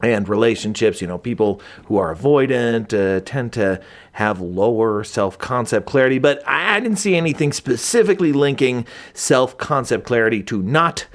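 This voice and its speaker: A man's voice: medium pitch, animated, moderate pace. A man co-hosting a casual podcast, easygoing and wry, often chiming in with short agreements. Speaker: podcast co-host.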